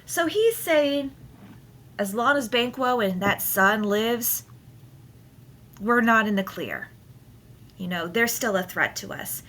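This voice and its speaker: Slow, lively woman teacher reading aloud. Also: a little high. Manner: playful, chatty asides with frequent laughter. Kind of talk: classroom read-aloud of a play with commentary. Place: at home. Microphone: computer mic on a screen recording.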